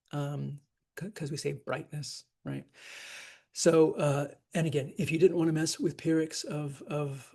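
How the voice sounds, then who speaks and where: A man's voice: on the high side, darkish tone, slightly rough. A man teaching a casual lecture, explaining step by step with fillers and sounded-out syllables. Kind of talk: lecture on verse scansion.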